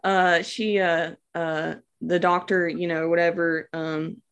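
A woman's voice: fairly low pitch, flat delivery, slow, smooth. A young woman telling her birth story in a casual, devout way, with many fillers and words of praise. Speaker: new mother sharing a birth story. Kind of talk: casual personal testimony.

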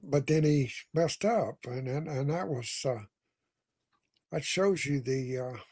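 A man's voice: medium pitch, slow, darkish tone, breathy edge, no echo, clean studio sound. A man leading a group Bible discussion, talking earnestly and plainly about his own prayer life. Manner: earnest, conversational, sharing personal prayer habits. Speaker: Bible study leader.

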